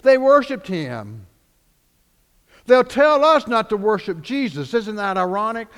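Animated male preacher in a hall. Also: sits high, a little slow, smooth. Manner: animated preaching with voiced quotes. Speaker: pastor. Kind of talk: sermon. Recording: echoey hall.

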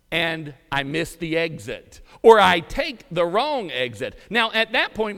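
Animated preacher. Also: male voice, high-pitched. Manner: animated preaching with dramatic pauses and drawn-out emphasis. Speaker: pastor. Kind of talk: sermon. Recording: reverberant hall.

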